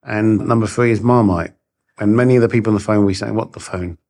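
A man's voice: fairly low pitch, fairly even intonation, fast talker, a little mellow. A middle-aged man hosting a podcast, asking questions conversationally and sharing his own views. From Britain. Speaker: podcast host. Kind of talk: casual interview.

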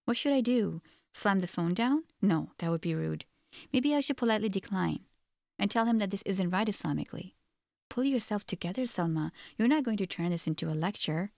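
A woman's voice: mid-range voice, animated, fairly quick, vocal fry, darkish tone, dry recording, clean studio sound. A woman narrating a first-person novel in an earnest, reflective manner. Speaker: audiobook narrator.

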